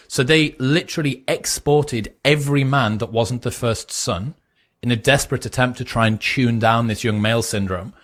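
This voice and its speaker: A man's voice: medium pitch, moderate pace, a bit bright. A man hosting a conversation, telling rambling anecdotes and asking questions. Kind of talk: conversational interview.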